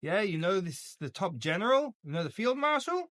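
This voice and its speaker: A man's voice: high voice, very animated, moderate pace, a bit bright. A man voicing a brash male nobody who keeps name-dropping to get past the guards, in a pushy, boastful way. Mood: indignant.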